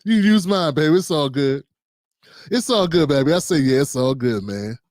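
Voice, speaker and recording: A man's voice: a little high, lively intonation, moderate pace, darkish tone, no room sound, studio quality. A middle-aged man hosting a casual political talk show, riffing loosely and playfully with slang and asides to his audience. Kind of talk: casual livestream commentary.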